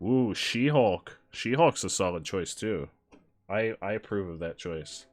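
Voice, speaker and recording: A man's voice: on the low side, expressive, unhurried. A male streamer chatting casually with his viewers while playing, joking and laughing often. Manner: joking, laughs often, reads chat aloud. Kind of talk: casual live-stream chat while gaming.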